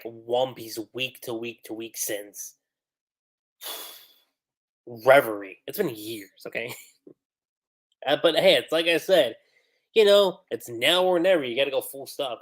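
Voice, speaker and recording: A man's voice: medium pitch, animated, normal speed, pauses often. A man hosting a livestream, musing aloud about a comic chapter with chatty, laughing asides. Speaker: streamer. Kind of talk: livestream commentary.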